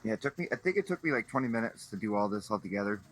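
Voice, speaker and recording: A man's voice: on the low side, lively intonation, racing, a bit bright, low-quality recording. A man giving a casual, rambling voice-over of his own engine teardown, slangy and easygoing with some mild swearing. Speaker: channel host narrating his engine teardown.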